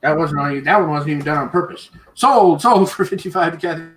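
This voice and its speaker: Auctioneer type: fairly high-voiced man, brisk repetitive bid-calling, easygoing chuckles. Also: fairly bright tone. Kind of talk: live online auction patter.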